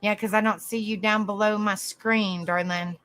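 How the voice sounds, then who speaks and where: Bright-voiced woman hosting a livestream. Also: mid-range voice, fairly even intonation, moderate pace, low-quality recording. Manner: calls people honey and darling. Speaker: livestream host. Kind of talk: casual livestream talk.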